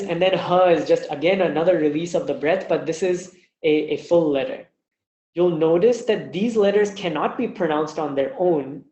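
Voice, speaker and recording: A man teaching an online language lesson, patiently demonstrating each sound slowly. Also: on the high side, a little mellow, echoey room, highs cut off. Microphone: webinar mic.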